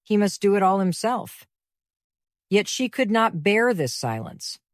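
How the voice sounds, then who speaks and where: A woman narrating a classic novel in a measured, even reading voice. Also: medium pitch, dry recording, clean studio sound.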